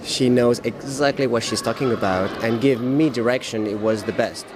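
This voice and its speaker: A man's voice: mid-range voice, normal speed. A man actor giving a thoughtful, hesitant interview answer outdoors on a city street. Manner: thoughtful and hesitant, laughing lightly. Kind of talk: red-carpet interview answer. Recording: outdoor traffic noise behind.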